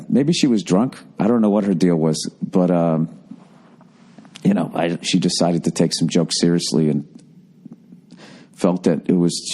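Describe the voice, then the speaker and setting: A man in his forties with a Boston accent, his voice worn hoarse, ranting through a profane podcast monologue as a comedian host. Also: low voice. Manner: profane, ranting, animated storytelling.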